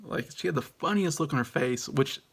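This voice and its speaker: A man's voice: a little high, animated, a little fast, breathy edge. A man in his late thirties hosting a casual countdown video, rambling and chuckling with lots of fillers and restarts. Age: late 30s. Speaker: video host.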